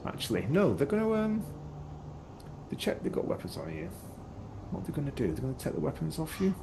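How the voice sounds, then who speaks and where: A man's voice: fairly high pitch, wildly swooping pitch, a little fast, gravelly. A man narrating as game master in a loose, rambling way, with lots of fillers. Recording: noisy background hiss.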